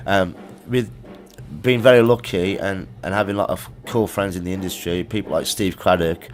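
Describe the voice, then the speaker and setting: Deep-voiced middle-aged Birmingham man, rambling. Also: fairly even intonation, moderate pace. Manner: rambling anecdotal storytelling. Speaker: musician guest. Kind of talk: casual chat interview. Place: music studio.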